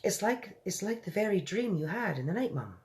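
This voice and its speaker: A woman's voice: mid-range voice, big pitch swings, fairly quick, darkish tone, voice pushed up, lightly acted. Woman voicing a trembling middle-aged maid. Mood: anxious. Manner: quivering, stammering, deferential.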